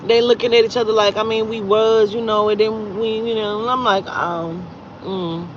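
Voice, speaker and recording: A woman's voice: on the high side, a little fast. Woman spilling a crazy story, cussing nonstop, voice jumps way up when she gets heated, muffled audio w/ faint traffic behind. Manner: profane, animated retelling with loud exasperated outbursts. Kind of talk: casual storytime vlog.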